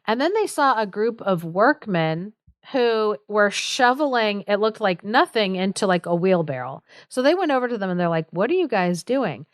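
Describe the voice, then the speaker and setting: A young woman podcast host tells an old folk tale in a chatty, casual way, full of "like" and quick asides. Her voice is smooth and resonant at a middle pitch. The recording is close and dry. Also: no echo. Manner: chatty, many fillers like "like", lively retelling. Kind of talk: casual storytelling chat.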